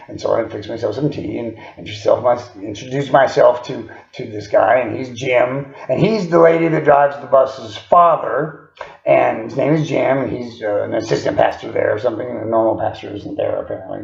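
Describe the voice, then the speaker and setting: A man's voice: medium pitch, creaky. A man casually telling a personal story in a rambling way, full of fillers and chuckles. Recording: echoey, dull lo-fi room sound.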